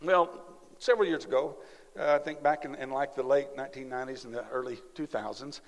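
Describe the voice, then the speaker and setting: A man's voice: medium pitch, steady tone, a little fast, in a large hall. A man preaching a sermon, telling a story with laughs and frequent asides to the congregation. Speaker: pastor.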